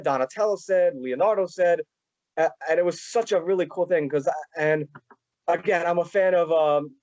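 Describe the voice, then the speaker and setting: A man hosting a casual fan interview, talking in a rambling, halting way with many restarts. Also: fairly high pitch, a little mellow, dry recording, dull audio. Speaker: podcast host.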